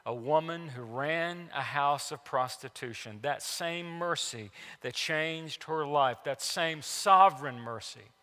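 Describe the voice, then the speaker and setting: Pastor guy preaching, bright ringing voice, big echoey church hall, goes loud then real quiet. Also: fairly high pitch, slow, few pauses. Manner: emphatic, repeats key phrases, swings from loud to hushed. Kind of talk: sermon. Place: church sanctuary.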